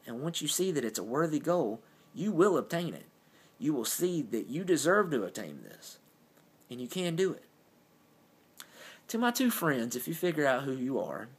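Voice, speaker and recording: A young man delivers a heartfelt motivational talk to camera. His voice sits at an ordinary middle pitch. He sounds earnest and encouraging throughout.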